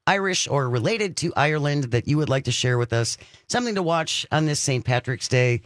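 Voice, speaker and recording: A man hosting a call-in radio show, chatting casually and slowing down to read out the phone number. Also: a little high, expressive, no room sound, clean studio sound. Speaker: radio talk show host.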